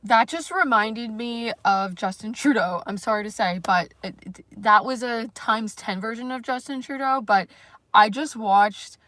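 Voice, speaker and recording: A woman's voice: on the high side, a little slow, pushed and bright, no echo. A woman vlogger talking casually on a livestream, rambling and self-conscious, with lots of fillers and the odd swear word.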